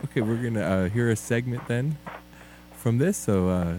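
A man hosting a radio show, talking haltingly with many fillers. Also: medium pitch, expressive, darkish tone, a little hiss or hum. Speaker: radio host.

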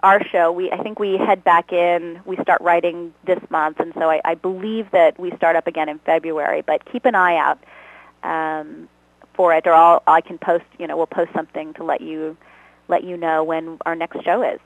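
A woman's voice: fairly low pitch, fairly even intonation, normal speed, no echo, phone-quality sound. A woman guest, a comedy actor, chatting casually in an interview, laughing often and talking about herself with self-deprecating humor. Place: Los Angeles.

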